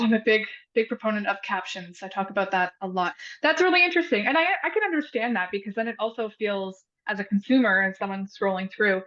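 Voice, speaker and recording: Chatty lady podcast host, mid pitch, kinda dull lo-fi audio. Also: a bit bright. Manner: upbeat, chatty, quick to laugh. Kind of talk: casual interview chat.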